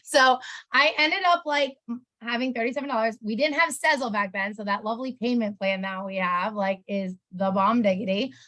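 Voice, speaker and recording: A woman's voice: fairly high pitch, moderate pace, fairly bright tone. Chatty woman telling an emotional story. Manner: emotional, rambling, lots of "like". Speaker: interview guest, sales promoter. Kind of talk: casual personal story.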